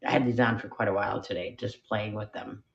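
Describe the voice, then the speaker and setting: A woman's voice: a bass voice, steady tone, fast talker, gravelly. A woman chatting casually as she sells vintage jewelry during a live sale, talking loosely about how the pieces feel to wear. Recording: dull lo-fi sound.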